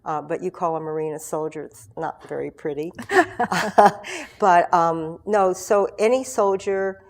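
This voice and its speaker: The founder of a soldier support group, a woman in her sixties, shares her story in an interview. Her fairly low voice moves a little slowly, and she rambles on with many fillers and false starts.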